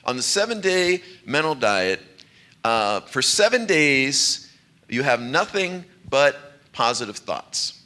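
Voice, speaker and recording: A man's voice: medium pitch, big pitch swings, takes it slowly, pushed and bright. A man giving a sermon as a minister, in a conversational, light way, laughing often. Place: church sanctuary.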